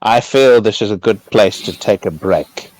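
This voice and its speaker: A man's voice: fairly low pitch, moderate pace, crowd noise, pitched below the performer's own voice, natural voice, low-quality recording. A man voicing a rambling, absent-minded old male judge in a game read-through with friends. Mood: dithering.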